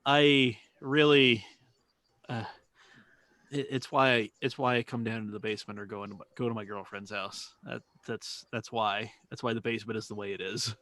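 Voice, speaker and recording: A man's voice: fairly low pitch, fairly even intonation, normal speed, sharp tone, no echo. A man co-hosting a car podcast in casual chat, laid-back and profane, often trailing off and restarting. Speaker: podcast co-host. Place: home basement.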